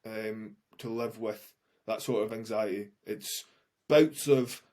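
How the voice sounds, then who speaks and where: Speaking slowly in a fairly low, darkish voice, a coach appearing as a podcast guest opens up about living with anxiety. The conversation is candid, and he curses often and frequently starts his sentences over.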